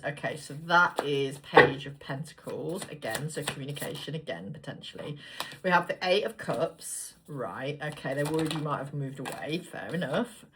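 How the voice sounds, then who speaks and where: A woman's voice: low-pitched, very noisy. A woman giving a casual tarot reading to viewers, chatty and blunt, swearing freely as she draws cards. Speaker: tarot reader.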